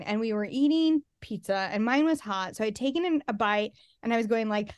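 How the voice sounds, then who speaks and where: A high-pitched woman talks in a loose, sarcastic podcast chat and keeps slipping into little acted-out quotes. Her voice sits close and dry, with no room sound around it. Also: normal speed, hardly any pauses, darkish tone, dry recording. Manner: chatty, sarcastic, acts out quotes. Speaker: podcast co-host. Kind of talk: casual chat recapping a reality show.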